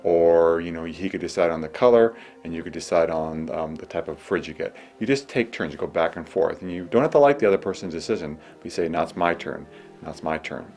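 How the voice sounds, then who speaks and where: A middle-aged man hosting an advice show, speaking in a calm, soothing way and guiding listeners through slow breathing. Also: low-pitched, soft background music. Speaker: host.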